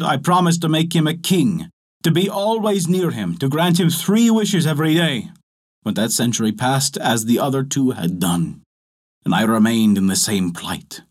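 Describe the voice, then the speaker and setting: A man voicing a haughty, vengeful giant genie who speaks in a commanding, deliberate way in a storybook tale. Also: on the high side, voice pushed up.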